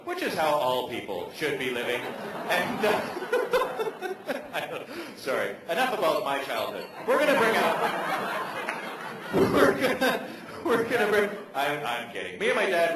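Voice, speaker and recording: Rambling stand-up MC, echoey hall. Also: male voice, on the high side. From Canada. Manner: rambling, self-mocking, lively asides. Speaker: comedian and MC. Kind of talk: live stand-up comedy. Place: large hotel ballroom with a live audience. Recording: echoey hall, far from the mic, audience noise.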